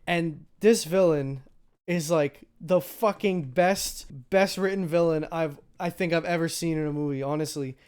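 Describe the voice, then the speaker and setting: A man's voice: on the high side, a little slow, darkish tone, clear, resonant tone. A man co-hosting a film review podcast, chatting casually, laughing often and wandering into asides. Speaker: podcast co-host.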